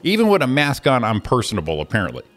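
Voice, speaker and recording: A man's voice: mid-range voice, fast talker, faint music behind. A man hosting a morning radio show, telling an exasperated, profane story and acting out the people in it. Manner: exasperated, profane storytelling with animated quoted voices. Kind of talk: casual ranting chat.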